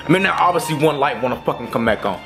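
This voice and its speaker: A man's voice: mid-range voice, animated, very fast, creaky, music in the background. A young man in a comedy skit, telling a story and then bursting into profane, panicky outbursts. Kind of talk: acted horror comedy skit.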